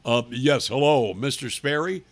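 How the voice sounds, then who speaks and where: A man's voice: medium pitch, unhurried, voice pushed down. A man putting on a sneaky male school principal who talks in a hesitant, phony-polite way. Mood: fake-polite.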